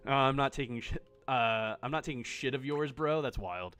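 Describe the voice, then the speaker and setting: A man's voice: mid-range voice, moderate pace, few pauses, a bit bright, smooth, soft background music. A man streaming a game live, talking casually and sarcastically, swearing often.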